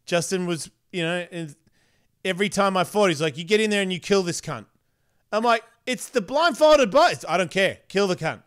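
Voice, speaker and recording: Aussie guy hosting a podcast, swears a lot, acts out his stories, smooth clear voice, kinda high. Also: moderate pace. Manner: crude, animated storytelling with acted-out quotes. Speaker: podcast host. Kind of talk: casual chat.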